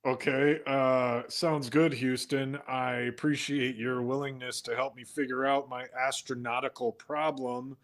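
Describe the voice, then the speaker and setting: A man voicing an aggrieved lone astronaut in an improvised comedy scene, complaining in a low, halting voice. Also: little pitch movement, lightly acted.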